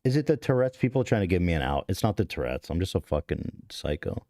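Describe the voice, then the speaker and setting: A man with a low, deep voice tells a confessional story on a podcast. He rambles, swears freely and cuts himself off mid-sentence. The sound is close and dry. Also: very animated, fast, dark tone, no echo. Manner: rambling, profane, self-interrupting. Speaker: podcast host.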